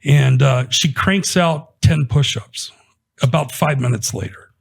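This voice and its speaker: A man's voice: medium pitch, a little slow, vocal fry, husky. A man casually telling a story about a patient in an interview, retelling the conversations as he goes. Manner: conversational, animated retelling with quoted dialogue.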